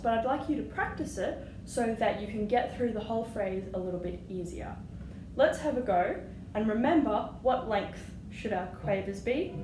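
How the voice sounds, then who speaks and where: A woman teaching flute, patient and encouraging, singing rhythms aloud as she explains. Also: a little high. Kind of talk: music lesson. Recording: echoey room with audible noise.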